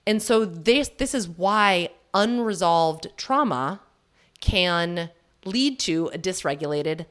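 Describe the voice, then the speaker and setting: A woman's voice: on the low side, animated, slow pace, a bit bright, smooth. A woman in her thirties hosting a solo podcast in a casual, candid way. She laughs often and keeps asking rhetorical questions. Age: 30s. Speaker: podcast host.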